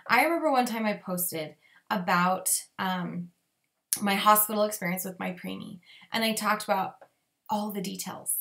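Chatty woman coaching, slightly high. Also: fairly bright tone. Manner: chatty, many "like"s, laughs often, acts out sample posts. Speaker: fitness business coach. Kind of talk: training talk to coaches.

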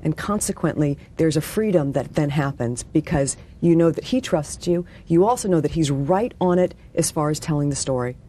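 A woman guest on a studio talk show, speaking in a measured way and searching for her words. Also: deep voice, warm tone, husky. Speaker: actress guest. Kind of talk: thoughtful talk show conversation.

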